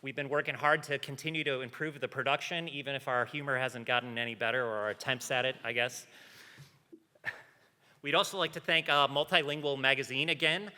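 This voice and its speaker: Man, conference host, self-deprecating, bright tense voice, hall reverb. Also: medium pitch, fairly even intonation, a little fast. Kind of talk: stage hosting with banter.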